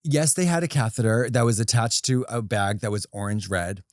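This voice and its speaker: A man's voice: fairly low pitch, normal speed, no room sound, clean studio sound. A man co-hosting a comedy podcast, telling rambling stories in casual chat. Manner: rambling, animated, full of acted-out quotes and laughs. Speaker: podcast co-host.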